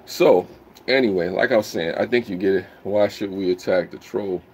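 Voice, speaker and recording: A man hosting a casual live stream, rambling while he reads the chat aloud and bursts into loud whoops. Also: low voice, normal speed, husky.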